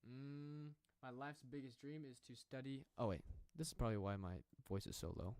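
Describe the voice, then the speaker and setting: A young man in his twenties rambles through a casual livestream chat, answering viewer comments with an easygoing, self-mocking manner. His voice sits at an ordinary middle pitch. The sound is dry and close, with hardly any room in it. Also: normal speed, darkish tone, clean tone, dry recording. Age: 20s. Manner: rambling, easygoing, laughs at himself. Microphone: desk microphone and headset.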